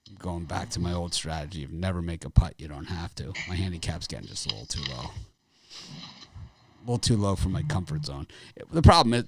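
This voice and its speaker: A man's voice: low voice, slight background noise. A middle-aged man hosting a sports betting show, talking casually in a rambling way and laughing often. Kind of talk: casual chat.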